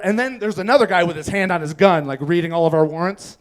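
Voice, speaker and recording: High-voiced man telling a stand-up story. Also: fast, few pauses. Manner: rambling, laughing at his own story. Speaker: stand-up comedian. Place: comedy club stage.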